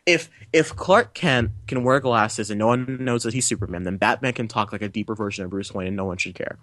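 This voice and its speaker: A man's voice: on the low side, fairly quick, a bit bright, no room sound. Brief: British man, podcast guest, sarcastic film banter, dry close recording. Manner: sarcastic, joking. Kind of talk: casual film chat.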